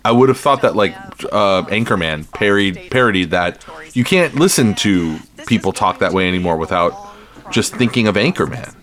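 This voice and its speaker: A male podcast host chatting casually with a slightly low voice. He rambles in a sardonic tone, swears freely and restarts his sentences often. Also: animated, normal speed, fairly bright tone. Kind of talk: casual chat.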